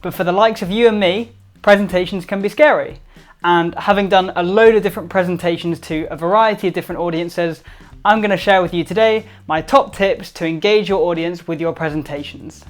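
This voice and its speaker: A man giving upbeat instructional tips to camera, emphatic and varying his loudness to stress points. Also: high voice, brisk. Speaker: presentation skills vlogger.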